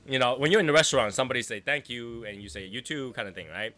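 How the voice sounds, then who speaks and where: A man's voice: medium pitch, fast, bright, forceful tone. A man hosting a livestream chat who rambles, restarts his sentences and reads viewer messages aloud. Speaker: livestream host. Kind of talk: casual chat.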